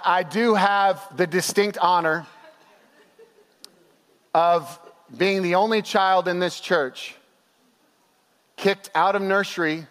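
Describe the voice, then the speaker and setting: High-voiced animated young male pastor. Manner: animated storytelling with laughs and acted-out quotes. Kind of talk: sermon. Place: church. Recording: long hall reverb.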